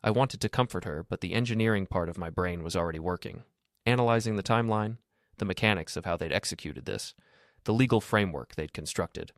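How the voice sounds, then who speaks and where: A man with a very low voice narrates a dramatic first-person story in a steady, solemn manner. The read is dry and close to the mic, with no room sound. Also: a little fast, gravelly, no echo.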